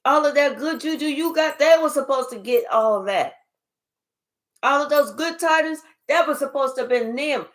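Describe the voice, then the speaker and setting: A woman giving a casual spiritual reading, talking in an animated, profane way and acting out quoted voices. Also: high-pitched, normal speed. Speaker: spiritual reader. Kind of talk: casual live reading monologue.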